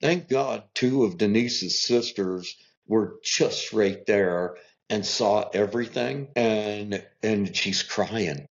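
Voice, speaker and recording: A middle-aged man, a podcast guest, tells a long story and acts out every line people said. His voice sits low and sounds husky. The recording is dull and lo-fi. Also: slow. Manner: animated storyteller acting out quotes.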